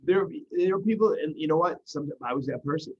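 A man speaks fast and earnestly, often restarting his sentences. His voice is husky and slightly rough. The recording sounds dull and lo-fi. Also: fairly high pitch. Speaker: guest in recovery. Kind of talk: casual conversation.

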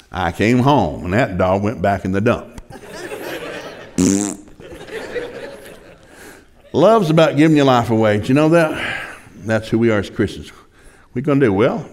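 Folksy older preacher, lively pitch. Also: male voice. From rural Oklahoma. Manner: folksy, chuckling, animated storyteller. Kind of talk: humorous sermon storytelling.

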